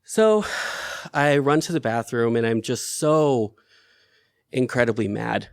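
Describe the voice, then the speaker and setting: A man's voice: medium pitch, slow, clean tone, dry recording, clean studio sound. Earnest man telling a personal story. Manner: earnest and emotional, voice lifts sharply when upset.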